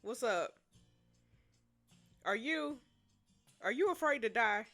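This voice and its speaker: A woman's voice: on the high side, lively intonation, takes it slowly, fairly bright tone, soft background music, exaggerated voice. A woman reading out a brooding bad-boy young man. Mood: low-key.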